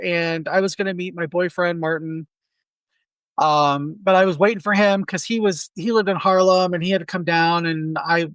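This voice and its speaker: A man's voice: high voice, a bit bright, smooth, no echo. A man in his forties, a podcast co-host, telling a long rambling anecdote in casual chat full of asides.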